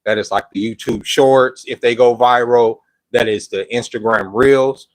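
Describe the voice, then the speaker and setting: A man's voice: mid-range voice, fairly even intonation, moderate pace, dry recording, poor audio. A man hosting a live stream, out of breath with a phlegmy throat, chatting loosely and greeting viewers. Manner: loose, rambling talk with slang and restarts. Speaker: livestream host. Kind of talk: casual live-stream chat.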